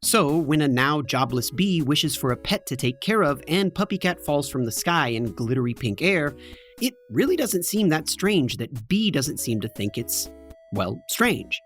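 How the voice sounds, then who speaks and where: A man's voice: fairly high pitch, big pitch swings, unhurried, fairly bright tone, faint music behind. A man hosting a scripted video essay, narrating with wry, joking asides. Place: home basement in front of green screen.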